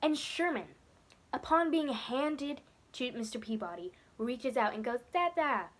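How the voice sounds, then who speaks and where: A woman's voice: fairly high pitch, unhurried. A young woman ranting on a casual vlog, emphatic and exasperated, who repeats her points for effect. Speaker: vlogger. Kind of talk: casual vlog rant about a film.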